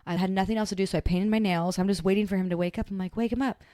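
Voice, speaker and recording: A young woman co-hosting a podcast tells a story in casual chat, speaking very fast at medium pitch with no room sound. As an animated storyteller, she acts out what people said.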